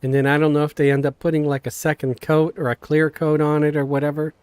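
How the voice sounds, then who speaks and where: New guy on a game stream, kinda high voice, lots of uh and restarts, bit of a cough. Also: clean tone, dry recording. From Queens, New York. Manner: halting, many fillers and restarts, animated. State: coughing now and then. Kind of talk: casual live-stream chat. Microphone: desk mic, sometimes knocked.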